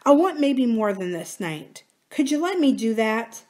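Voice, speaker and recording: A woman voicing Kathy, a soft, scheming young woman. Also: fairly high pitch, very animated, voice pushed up. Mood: coaxing. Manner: soft, slow, coaxing. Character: young woman, wounded and scheming, softly coaxing.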